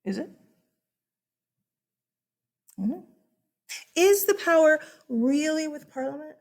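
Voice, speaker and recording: A woman's voice: high-pitched, expressive, slow, darkish tone. A woman teaching a history lesson in a casual, chatty way, asking rhetorical questions and calling her listeners guys. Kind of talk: casual classroom lecture.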